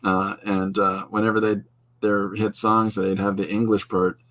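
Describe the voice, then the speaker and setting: Speaking at a measured pace with a flat delivery, a middle-aged Canadian man rambles on his podcast while drawing. His voice sits low with a fairly bright tone, and his talk meanders and digresses, full of restarts as the host-artist loses and regains his thread.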